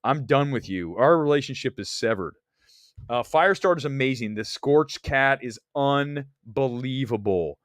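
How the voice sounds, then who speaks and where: A man's voice: medium pitch, expressive, moderate pace, no room sound, studio quality. A man hosting a livestream about movies, talking bluntly and teasing his chat. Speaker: livestream host.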